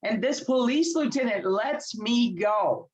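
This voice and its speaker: A woman, a guest telling her story in casual chat, animated and laughing often as she acts out quoted voices. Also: fairly high pitch, a little slow, dull audio. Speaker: interview guest.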